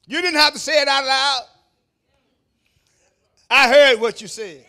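A man preaching a sermon as pastor, shouting at the peaks and dropping into low asides to the congregation, calling on them to answer. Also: measured pace. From Kentucky, USA. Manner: call-and-response preaching, calls on the congregation. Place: church sanctuary.

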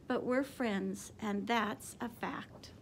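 A woman voicing a gentle, curious young female fruit bat in a storybook reading, with a squeaky, eager manner. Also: slow, a little hiss or hum.

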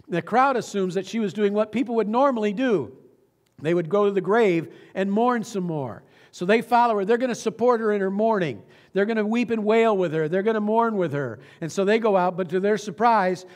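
A man preaching a sermon in a church, telling a story earnestly and slowing down for emphasis. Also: high voice, darkish tone. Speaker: pastor. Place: church sanctuary.

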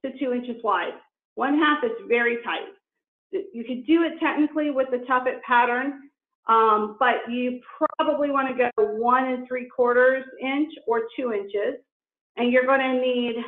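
A bright, higher-pitched middle-aged woman walks viewers through a quilting project with cheerful enthusiasm. The sound is thin and phone-like, and it rings around an echoey room. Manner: enthusiastic, shows pieces up to the camera. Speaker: quilting instructor. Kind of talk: casual craft tutorial.

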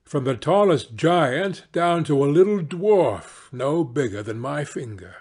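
A male storyteller narrating a fairy tale for English learners in a slow, dramatic way. His voice is a bit breathy and husky, and his pitch moves a lot from line to line. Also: animated, darkish tone.

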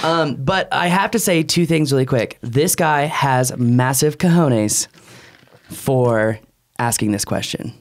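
A man's voice: mid-range voice, slow. A man hosting a podcast, chatting casually and reading sponsor spots in an upbeat, talkative way. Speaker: podcast host. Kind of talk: casual podcast chat with ad reads.

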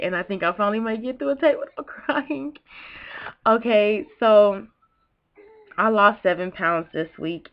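Young woman vlogger, emotional and rambling, slightly low voice, muffled home-video sound. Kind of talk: casual vlog talk.

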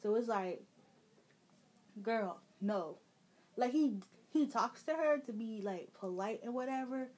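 A woman's voice: a little high, normal speed. Indignant Chicago woman venting. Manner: animated, indignant, rambling with fillers. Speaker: gaming vlogger. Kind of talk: casual venting rant.

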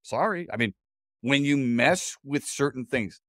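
A man's voice: medium pitch, expressive, unhurried, fairly bright tone, dry recording, studio quality. Easygoing man co-hosting sports talk. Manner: easygoing, conversational, repeats words when starting. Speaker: co-host of sports talk show. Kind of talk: casual sports radio chat.

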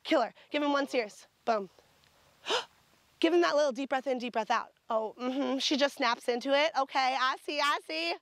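Bubbly high-voiced woman directing poses. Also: moderate pace, fairly bright tone, a little hiss or hum. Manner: bubbly, enthusiastic, gushing praise. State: sucking on a throat lozenge. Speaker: photographer's posing director. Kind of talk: directing a photo shoot on location.

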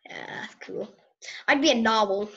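A woman's voice: medium pitch, normal speed, gravelly, highs cut off. A woman hosting a casual interview, reading out questions in a chatty, giggly way. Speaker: host.

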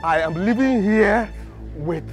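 A man's voice: sits high, takes it slowly, music in the background. An actor playing an angry young man looking for his pregnant fiancée, who repeats himself in exasperated, mocking bursts. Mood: indignant. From Nigeria. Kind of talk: Nollywood film acting.

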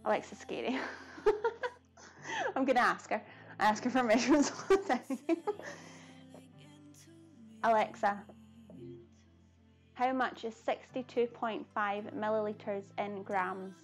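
Chatty Scottish woman, slightly high voice. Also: expressive, moderate pace, soft background music. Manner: chatty, laughs often, answers viewers' comments. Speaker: cooking streamer. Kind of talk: casual live-stream chat while cooking. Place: home kitchen.

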